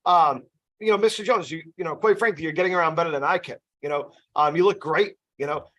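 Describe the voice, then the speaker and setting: A man's voice: on the high side, quick pace, fairly bright tone. A man running a casual sales training session, chatty and loose, often checking in with "you know" and "right?". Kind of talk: casual team training talk.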